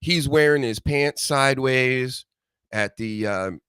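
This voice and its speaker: A man's voice: medium pitch, slow pace, a bit bright, clean tone, dry recording, clean studio sound. A man hosting a casual podcast chat, blunt and opinionated, talking loosely. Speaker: host.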